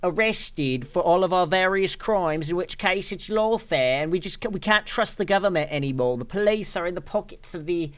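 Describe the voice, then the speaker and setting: A man putting on a smug, sarcastic political pundit voice, slow and gravelly. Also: very high voice, expressive, bright, forceful tone, pitched above the performer's own voice, exaggerated voice. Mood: mocking.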